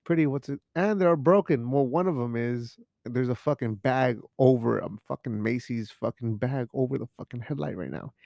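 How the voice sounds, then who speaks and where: A man's voice: medium pitch, moderate pace, vocal fry, few pauses, dark tone, no echo. A young man hosting a show in a home studio, rambling casually and swearing, with Spanish words mixed in. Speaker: podcast host. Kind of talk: casual chat.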